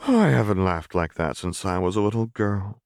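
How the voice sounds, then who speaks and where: A man's voice: fairly low pitch, expressive, moderate pace, darkish tone, no room sound, studio quality. A man voicing a smug, silky woman boss. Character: powerful woman company director, smug and silky. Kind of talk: audiobook character voice.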